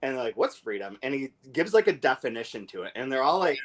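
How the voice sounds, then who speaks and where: A man co-hosting a casual book discussion, talking with many fillers and restarts and reading passages aloud quickly. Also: medium pitch, sing-song. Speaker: podcast co-host.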